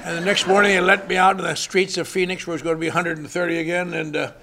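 A man's voice: sits high, level tone, rapid-fire, sharp tone, slight background noise. An older man sharing his recovery story with dry, wry humor at a convention. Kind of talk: recovery meeting talk. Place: convention hall.

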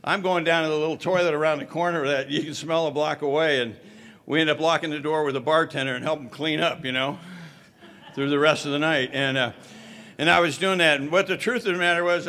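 A middle-aged man tells his story in a loose, conversational way, full of wry asides and fillers. His voice sits a little high and has a bright, forward edge. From Southern California. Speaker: speaker sharing recovery story. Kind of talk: personal recovery talk.

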